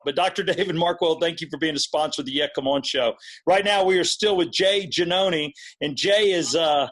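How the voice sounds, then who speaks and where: A male podcast host with a high voice talks in eager, joking banter. He swears casually and goes easily from praise for his guest to a sponsor read. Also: fairly quick, a bit bright.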